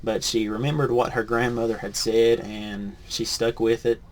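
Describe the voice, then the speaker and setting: A man, a teacher in training, reads a picture book aloud with lively rises on the punchlines, then reviews it softly and hesitantly. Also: mid-range voice, moderate pace. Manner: lively storybook reading, rising on punchlines, then soft and hesitant when reviewing.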